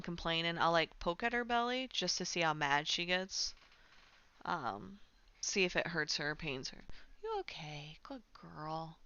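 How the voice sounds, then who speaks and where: A woman's voice: lowish voice, bright, forceful tone, clean tone, dry recording. A young woman streamer in casual chat, rambling with lots of fillers, on a dull lo-fi home mic. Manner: chatty, rambling, full of "like" fillers. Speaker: game streamer.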